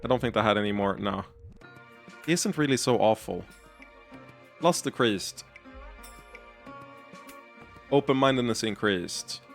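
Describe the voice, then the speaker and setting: A man's voice: on the low side, measured pace, creaky, pauses often, soft background music. A man streaming a game, rambling casually, giggly, with frequent restarts. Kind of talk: casual live-stream commentary.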